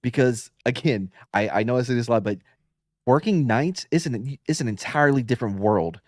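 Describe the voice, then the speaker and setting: A former police officer co-hosting a casual podcast tells stories about police work in a relaxed, brisk way, swearing freely. At times he drops to a low, calm voice to show how he'd talk someone down, and the dry recording has studio quality.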